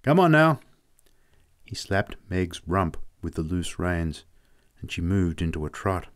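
A man reads a story aloud in a steady, measured audiobook narration. His voice sits on the lower side, calm and unhurried in its telling.

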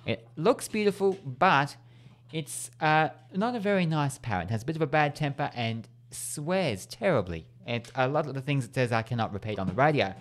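A man's voice: mid-range voice, expressive, moderate pace. A man hosting a radio show in casual chat, laughing often and stumbling over words. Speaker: radio host.

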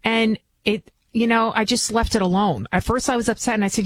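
A woman's voice: fairly high pitch, fairly even intonation, brisk, slight background noise, poor audio. Woman, Bronx accent, talk radio host, chatty monologue, emphatic, frequent restarts. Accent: New York (Bronx). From the Bronx, New York. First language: not English.

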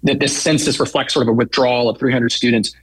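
Fast-talking husky man explaining. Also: medium pitch, steady tone, dry recording, low-quality recording. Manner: fast, explanatory, many fillers. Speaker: local news founder, guest. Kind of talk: radio interview analysis.

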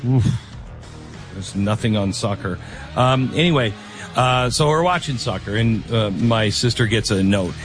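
A man's voice: lowish voice, animated, measured pace, soft background music. A man hosting a radio talk show, talking casually with lots of fillers, restarts and sarcastic asides. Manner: rambling, chatty, sarcastic asides. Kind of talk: conversational radio monologue and host-read ad.

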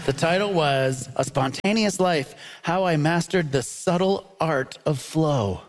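A man hosting a live comedy panel show, upbeat and punny, quick to laugh at his own jokes. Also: on the high side. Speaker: game show host. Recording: noisy live audience recording. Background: audience laughter.

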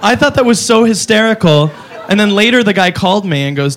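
A man's voice: sits high, expressive, brisk, background noise. A man doing a stand-up comedy set, exasperated and profane, talking straight to the crowd.

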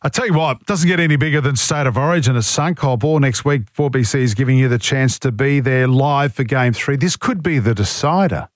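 In a radio studio, a male talkback host with a mid-range voice chats casually, joking, poking fun at himself, and reading listener texts aloud. He talks a little fast with hardly any pauses, and the studio-quality recording has no echo.

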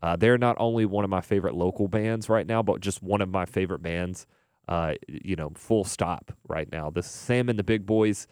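A young man hosting a radio music show, chatting in a relaxed, rambling way full of "uh"s and restarts. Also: low-pitched, moderate pace, smooth, dry recording, clean studio sound. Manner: relaxed, rambling, filler-heavy. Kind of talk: casual radio DJ chat. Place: radio studio. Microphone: studio mic.

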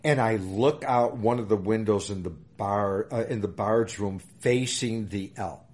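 A man's voice: fairly low pitch, measured pace, a little mellow. An older man, an interview guest telling a long story with many fillers and restarts. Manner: rambling anecdotes with many fillers.

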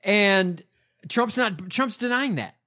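A man's voice: high voice, expressive, slow pace, pushed and bright. A man hosting a casual political commentary show, sarcastic and rambling, with many fillers. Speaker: podcast host.

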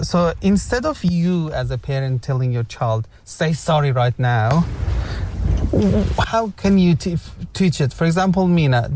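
A man's voice: a little high, darkish tone. A man hosting a casual discussion, guiding the others with encouraging advice and frequent repeats. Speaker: host.

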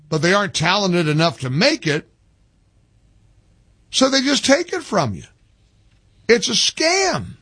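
A man's voice: high-pitched, fairly bright tone, husky, no room sound. A man hosting a talk radio show from a studio, speaking in a heated, emphatic way with his voice jumping up on key words. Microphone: studio mic.

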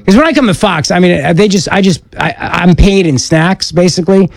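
A middle-aged man hosting a talk radio show, joking and teasing in casual banter. His voice sits a little high for a man and comes across dry and close on the studio mic, with no room sound. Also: normal speed, creaky, no room sound. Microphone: studio microphone.

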